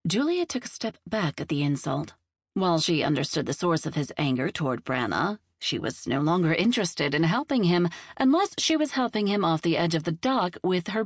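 A woman reading a novel aloud in steady, composed scripted narration. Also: deep voice, moderate pace, breathy edge, no echo, studio quality. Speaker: audiobook narrator.

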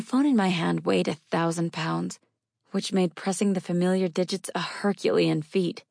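Low, gravelly woman narrating a novel. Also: steady tone, moderate pace, darkish tone, no echo, clean studio sound. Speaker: audiobook narrator. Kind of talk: first-person novel narration.

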